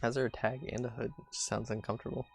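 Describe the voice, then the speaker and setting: A man's voice: mid-range voice, flat delivery, racing, creaky, soft background music. A man playing a tabletop game, answering in short, hesitant replies. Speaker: player. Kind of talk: casual tabletop play.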